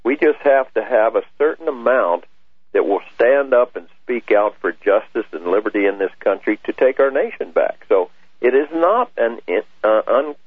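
A male radio guest speaking earnestly and haltingly, with many fillers. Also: mid-range voice, lively intonation, husky, no echo. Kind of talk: talk radio interview. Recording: tinny phone line on radio.

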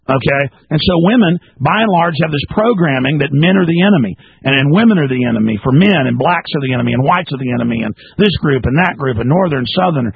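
A man's voice: a little high, animated, quick pace, creaky, hardly any pauses, husky, no echo, narrow, tinny audio. A man hosting a talk radio show, delivering an emphatic, ranting monologue to a caller.

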